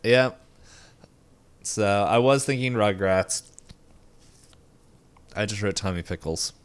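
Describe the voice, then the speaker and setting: Brief: easygoing man, low smooth voice, chatty co-host recap. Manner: rambling, lots of fillers, acts out characters' lines in quick voices. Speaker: podcast co-host. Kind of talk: casual chat recapping a cartoon.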